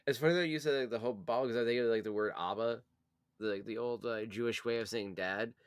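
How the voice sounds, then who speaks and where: A man's voice: mid-range voice, fairly quick, clean tone, dry recording, studio quality. A young man, hosting his channel, chatting casually, laughing often and swearing freely. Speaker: channel host. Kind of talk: casual chat.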